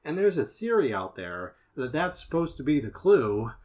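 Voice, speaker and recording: A man's voice: fairly high pitch, sing-song, normal speed, a little mellow. A man co-hosting a podcast, thinking aloud as he analyzes horror films in a casual discussion. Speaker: podcast co-host.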